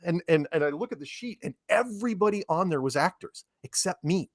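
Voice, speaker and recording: A man's voice: high voice, expressive, brisk, no room sound, studio quality. A man chatting as a guest over a call, rambling and quoting people as he tells a story. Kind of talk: casual chat.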